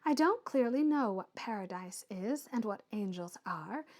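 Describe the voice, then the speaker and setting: A woman reading aloud and voicing a proud, earnest young Swiss woman who speaks softly and with restraint. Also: medium pitch, expressive, measured pace, natural voice.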